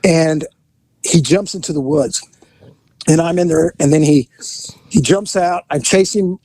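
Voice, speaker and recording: A man hosting a podcast, telling a police story in a casual, animated, profane way and acting out the dialogue. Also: on the high side, unhurried. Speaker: podcast host and former police officer.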